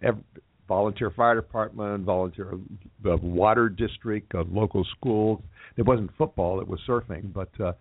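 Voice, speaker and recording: A man hosting a radio interview, asking questions in halting phrases with many filler sounds. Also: on the low side, fairly even intonation. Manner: halting, many uhs and restarts. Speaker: radio host. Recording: tinny phone-like line.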